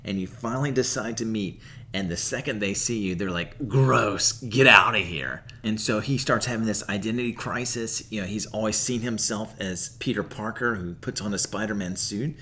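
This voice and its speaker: A man hosting a comic book channel, telling a story to camera in a relaxed, conversational way, wryly amused. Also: on the low side, a little fast.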